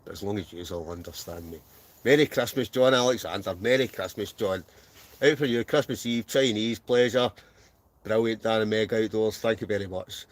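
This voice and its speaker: A man's voice: fairly low pitch, moderate pace. A Scottish man hosting a live stream from inside a camping tent, reading out viewers' comments with lots of jokes and laughter. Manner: jokey, laughs often, reads names aloud. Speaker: wild camping channel host.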